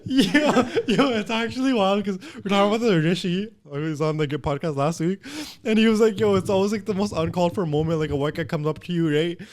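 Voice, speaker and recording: Podcast host guy, kinda high voice, super slangy and chill, says bro a lot. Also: fast talker, hardly any pauses, a little mellow. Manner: slangy, laid-back, lots of "like" and "bro". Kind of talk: casual chat.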